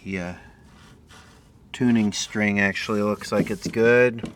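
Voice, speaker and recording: Middle-aged male host, unhurried workshop narration, mumbled asides, clear resonant tone. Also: lowish voice, fairly even intonation. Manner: slow, mumbled asides, thinking aloud. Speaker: repair video host. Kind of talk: casual narration while inspecting equipment.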